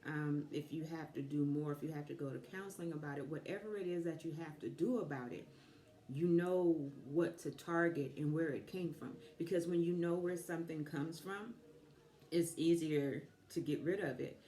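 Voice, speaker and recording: A woman in her fifties, a life coach giving a motivational talk, telling a personal story reflectively with pauses. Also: sits low, dark tone. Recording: echoey room.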